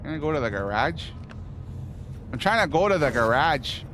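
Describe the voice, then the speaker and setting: Over game music and other background noise, a young streamer jokes around with viewers using casual slang. His voice is a little high, swings widely in pitch and moves at a normal speed.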